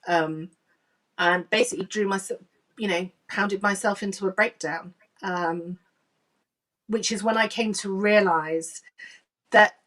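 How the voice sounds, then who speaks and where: A woman, a medium and coach, telling a deeply personal story in an earnest, emotional way and acting out remembered dialogue. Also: fairly bright tone, far from the mic.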